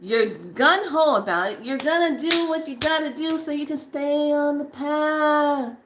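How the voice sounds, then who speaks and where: Talking casually to camera about staying on a spiritual path, a woman is animated and acts out her own past reactions. Her voice sits high and she's unhurried, with a noisy background.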